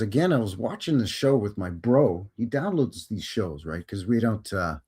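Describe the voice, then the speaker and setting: Male live-stream host, chatty and jokey, with a voice that swings freely up and down at a mid pitch. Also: sharp tone, husky. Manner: joking, rambling, slips into silly voices. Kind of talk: casual live-stream chat.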